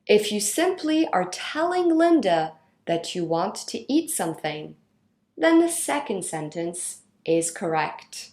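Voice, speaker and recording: A woman reading out a grammar lesson in a clear, instructional way. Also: medium pitch, sing-song, a little mellow, roomy sound. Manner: slow, clear instructional delivery. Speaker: teacher. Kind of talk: scripted lesson narration.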